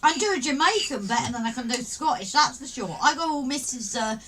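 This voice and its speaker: A woman's voice: high-pitched, animated, fairly quick, fairly bright tone. A woman co-hosting a casual live stream, teasing her co-host playfully with mock jealousy. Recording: distant mic with faint background noise.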